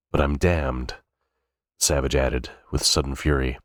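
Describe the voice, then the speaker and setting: Steady and unhurried, a man with a very deep voice reads from a novel as a cold-read audiobook narrator. He hasn't rehearsed, so he sometimes stumbles and restarts words; the sound is dry and studio-clean.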